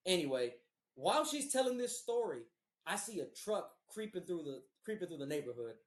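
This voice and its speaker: Male podcast host, fairly high voice, casual profane storyteller, echoey room. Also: brisk. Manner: profane, animated, rambling. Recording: roomy echo.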